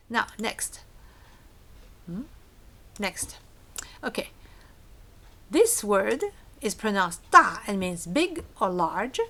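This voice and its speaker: A woman's voice: medium pitch, a bit bright. A woman teaching a recorded language lesson, explaining patiently and acting out small scenes as examples.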